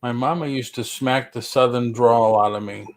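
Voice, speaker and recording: A man's voice: medium pitch, steady tone, moderate pace. A man with a Boston accent, co-hosting a casual live-stream chat and telling stories in a chatty way. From Boston area. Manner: chatty, storytelling, slips into quoted voices. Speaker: co-host.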